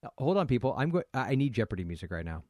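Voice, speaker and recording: Lively, joking man on a podcast. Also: mid-range voice, no room sound, studio quality. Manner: joking, teasing, quick to laugh. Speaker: podcast co-host. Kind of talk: casual podcast banter.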